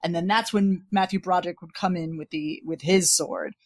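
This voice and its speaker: A woman's voice: lowish voice, fairly even intonation, normal speed, crowd noise. A woman chatting on a podcast about a movie, friendly and agreeable. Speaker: podcast guest. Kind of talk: casual movie discussion.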